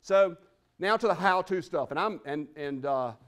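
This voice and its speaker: A middle-aged man speaks at a conference in a quick, tumbling way, often doubling back on his words. His voice sits a little higher than most men's. It has the sound of a motivational speech given in a hall. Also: expressive, a bit bright. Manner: fast-talking, repeats words and restarts.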